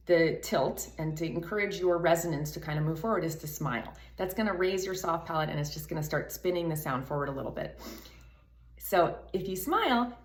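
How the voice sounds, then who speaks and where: Teaching a singing lesson in a roomy-sounding space, this woman keeps things chatty and explanatory, with laughter between her points. Her voice sits on the low side and remains croaky with morning, not warmed up.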